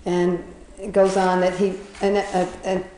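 Mellow woman telling a fable casually. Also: fairly low pitch, monotone, moderate pace, slight background noise. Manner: chuckling, rambling with fillers. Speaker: storyteller. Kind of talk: casual storytelling. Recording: roomy echo.

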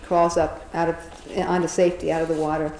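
A woman's voice: sits low, little pitch movement, a little fast, darkish tone, reverberant, a little hiss or hum, poor audio. A woman casually retelling a children's fable, chatty, often laughing, with many fillers and restarts. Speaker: storyteller.

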